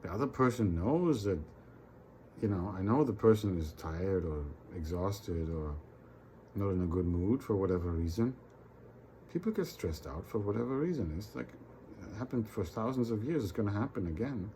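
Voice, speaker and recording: Speaking at a normal speed with lively intonation, the same kind of vlogger rambles casually and off the cuff to his audience in a fairly low, mellow voice. Restarts and repeated words come often, he slips into small quoted dialogues, and faint noise sits in the background.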